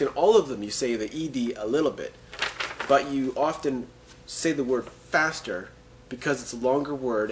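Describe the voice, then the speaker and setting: A man giving a casual English pronunciation lesson, reading example sentences slowly and breaking off for joking asides. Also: mid-range voice, a little hiss or hum.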